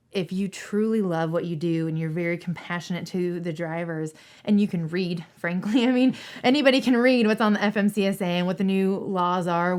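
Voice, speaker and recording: A woman in her thirties from Seattle answers interview questions as a dispatcher. She talks candidly and earnestly, repeating her points for emphasis. Her voice sits a touch low for a woman. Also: darkish tone. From Seattle, Washington State.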